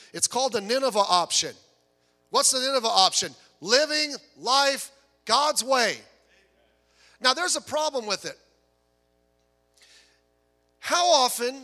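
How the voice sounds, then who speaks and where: Male pastor, high bright voice, animated storytelling sermon with jokes, long hall reverb.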